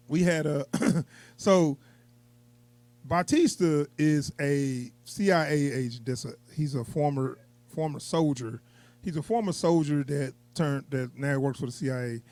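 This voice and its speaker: Male co-host for a casual film review podcast, slightly high voice, dry close sound, animated and quick to laugh. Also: no room sound. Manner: animated, laughs often, acts out quotes with a raised voice. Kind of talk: casual movie review chat.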